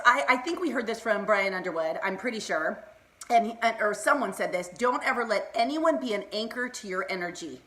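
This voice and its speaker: A woman in her thirties giving an excitable, casual pep talk on a live stream, laughing often and greeting viewers by name. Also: medium pitch, fairly quick. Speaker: motivational vlogger hosting a live stream.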